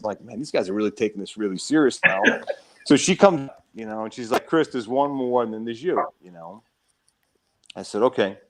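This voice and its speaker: New guy telling a story, lively, does all the voices himself. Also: fairly low pitch, low-quality recording. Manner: animated, acts out quoted voices. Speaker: comedy club owner, guest. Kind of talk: storytelling in casual chat.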